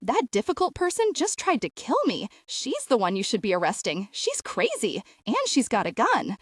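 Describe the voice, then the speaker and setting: A woman voicing a panicked, cowardly young man who pleads in a high, whiny voice. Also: huge pitch swings, normal speed, husky, dry recording, clean studio sound, heavily acted. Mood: indignant. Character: panicked young male car thief, skinny and cowardly.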